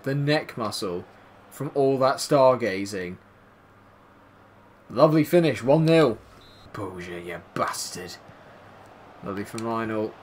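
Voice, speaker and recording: A man casually commentating his own football video game, muttering through menus and yelping high when chances come. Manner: swings from quiet mumbling to excited high-pitched yelps at goals. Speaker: gaming commentator.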